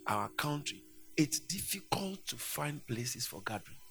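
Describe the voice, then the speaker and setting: A man preaching a sermon, emphatic and repetitive, swinging from hushed lines to shouts. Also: fairly high pitch, big pitch swings, unhurried, vocal fry, soft background music.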